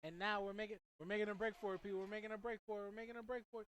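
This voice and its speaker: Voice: medium pitch, little pitch movement, rapid-fire, noisy background. Young student commentator, rambling play-by-play with goofy asides. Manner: chatty and rambling, with joking asides.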